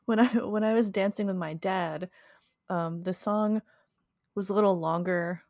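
A woman's voice: medium pitch, measured pace, darkish tone, no echo, studio quality. A young woman co-hosting a podcast, telling stories in a chatty way and laughing often. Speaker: podcast co-host. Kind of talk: casual chat.

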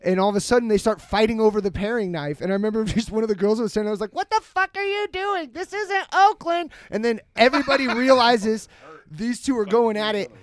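A man's voice: sits high, quick pace, no echo. A young adult man rambling through a party story in casual chat, laughing between lines.

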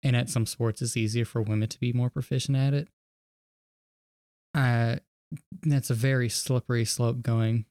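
A man's voice: mid-range voice, fairly even intonation, normal speed, long pauses, a little mellow, no echo, studio quality. Blunt, swearing man ranting. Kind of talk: casual chat.

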